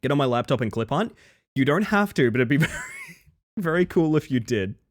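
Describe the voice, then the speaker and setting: A young man chatting casually with his viewers on a livestream, animated and profane. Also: mid-range voice, brisk. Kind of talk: casual stream chat.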